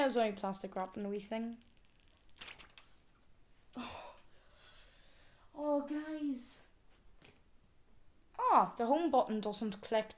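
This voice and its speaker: Chatty woman vlogger, slightly high voice. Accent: non-American, with regional word "wee". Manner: chatty, exclaiming, thinking aloud. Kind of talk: casual unboxing chat to viewers.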